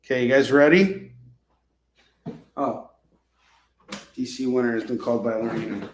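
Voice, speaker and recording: A man's voice: medium pitch, moderate pace. A man hosting a live comic-book sale, chatting casually with viewers in a joking, sarcastic way. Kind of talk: casual live selling chat. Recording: echoey room.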